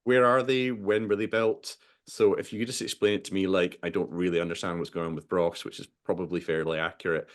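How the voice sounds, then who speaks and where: Low-voiced male podcast host. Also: fairly even intonation, brisk. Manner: enthusiastic, repeats words when starting sentences. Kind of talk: casual podcast chat.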